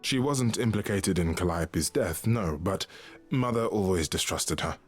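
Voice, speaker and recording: An actor playing a gentle, grieving male god of love in a video game, speaking softly and calmly with a husky voice. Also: sits low, measured pace, exaggerated voice. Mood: calm, consoling. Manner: calm, consoling. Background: faint game music.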